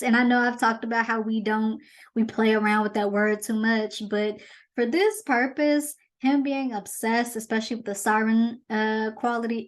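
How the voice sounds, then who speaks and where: A woman hosting her own commentary show, chatty and animated as she retells a movie's plot in a casual review. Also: mid-range voice. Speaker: host.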